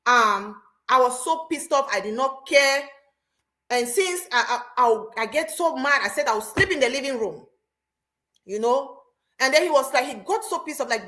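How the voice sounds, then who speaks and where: A woman telling stories in casual chat as a host, animated and often repeating herself. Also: high voice, moderate pace. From Cameroon.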